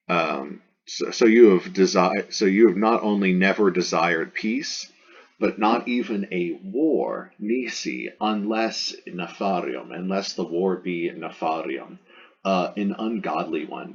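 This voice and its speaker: Male Latin teacher, deep and gravelly, casual explaining lecture style with fillers, muffled lo-fi recording. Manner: explanatory and conversational, many fillers and restarts. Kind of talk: line-by-line classroom translation lecture. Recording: dull lo-fi audio.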